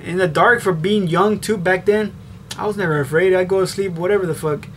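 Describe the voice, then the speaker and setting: Young male vlogger, slightly high voice, swears constantly, rambles with fillers, faint room hiss. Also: fairly even intonation, brisk. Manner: profane, blunt, rambling with filler. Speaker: vlogger answering tag questions. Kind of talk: casual chat.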